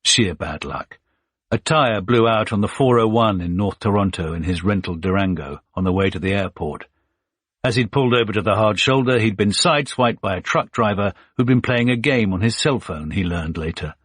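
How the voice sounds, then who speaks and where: Husky, low-voiced male audiobook narrator. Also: dry recording, studio quality. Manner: steady, measured storytelling.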